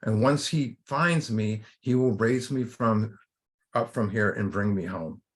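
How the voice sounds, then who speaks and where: A man voicing a calm, faithful cow stuck in mud, speaking gently and quietly in a fairly low voice. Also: unhurried, close to an everyday voice. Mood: gentle.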